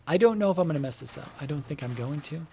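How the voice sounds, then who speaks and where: Talking fast with vocal fry, this man has a warm, fairly high voice and lively intonation, with slight background noise audible. He rambles to his viewers from his home computer room as he games, full of fillers, casual cursing and asides about what he's playing.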